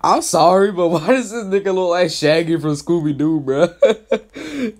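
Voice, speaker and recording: A young man rants at the people in a live stream, mocking and laughing as he calls them out. He keeps his voice pitched higher than his natural deep register. The delivery is crude, loose and profane. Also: animated, moderate pace. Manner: mocking, laughing, loud call-outs; put-on higher voice instead of his deep one. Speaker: YouTube commentator. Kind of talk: profane trash-talk commentary.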